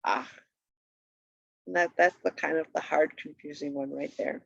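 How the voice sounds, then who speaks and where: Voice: medium pitch, fairly even intonation, fairly quick, vocal fry, slightly rough, dry recording. A patient teacher walking through a Hebrew primer on a shared screen, repeating each word twice for the learner. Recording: dull lo-fi recording.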